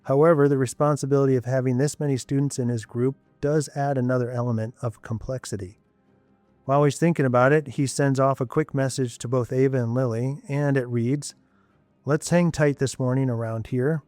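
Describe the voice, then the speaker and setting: A man's voice: medium pitch, steady tone, a little fast, darkish tone, dry recording, soft background music. Man narrating an audio story. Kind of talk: scripted narration.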